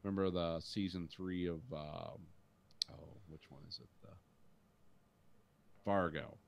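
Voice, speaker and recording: A man's voice: sits low, fairly even intonation, slow pace, vocal fry, dry recording, lo-fi sound. A man co-hosting a podcast, chatting casually about a film and rambling while he searches for names. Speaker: podcast co-host. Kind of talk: casual movie review chat.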